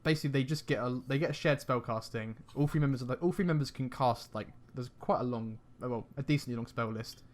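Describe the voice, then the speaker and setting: Quick, rambling man chatting. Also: medium pitch. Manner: quick, rambling, many restarts. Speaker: podcast co-host. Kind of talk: casual discussion.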